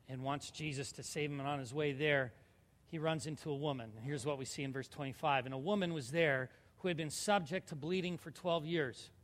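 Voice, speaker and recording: A man's voice: a little high, fairly bright tone, in a large hall. A male pastor preaching a sermon, reading scripture aloud with rising intensity and asking his congregation questions. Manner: asks the congregation questions, jokes with them.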